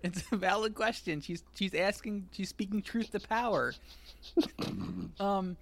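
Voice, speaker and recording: A man's voice: high voice, a little slow, a bit bright. A man in casual chat, recapping a film in a rambling way, laughing often and acting out quoted lines.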